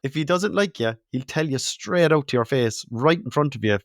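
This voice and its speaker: A man co-hosts a podcast in a chatty, casual way, often repeating himself mid-thought. His pitch swings a lot, and the sound is close and dry. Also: lively intonation, normal speed, no echo. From Ireland. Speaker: podcast co-host. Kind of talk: casual chat.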